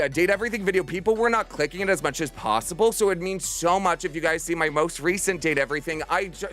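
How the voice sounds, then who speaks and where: A man's voice: a little high, fairly bright tone. A young man streaming from home, chatting to his viewers in a bubbly, affectionate way. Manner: bubbly, affectionate, talks fast to chat. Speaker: livestreamer. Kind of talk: casual stream chat. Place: home room.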